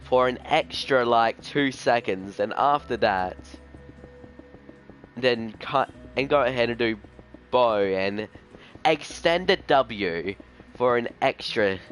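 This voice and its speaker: A man's voice: mid-range voice, expressive, slow pace. A young man live-streaming a game, chatting casually and rambling in slang, often tossing in "bro". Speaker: gaming streamer. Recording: faint music behind the voice.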